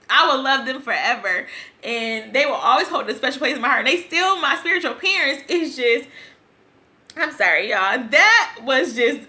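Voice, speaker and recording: A woman's voice: high voice, pushed and bright. A woman vlogger telling a personal story, tearful and rambling, laughing through her tears.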